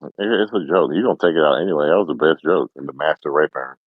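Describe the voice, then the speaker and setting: A man's voice: a bass voice, fast, dry recording, narrow, tinny audio. A man co-hosting a podcast, brash and provocative, joking through casual group banter. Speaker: podcast co-host.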